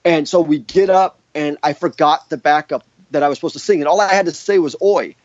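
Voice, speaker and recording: A man's voice: on the high side, fast talker, no echo. A man, a guitarist, telling stories in a casual interview, rambling with many restarts and fillers. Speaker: guest guitarist. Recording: dull lo-fi dry sound.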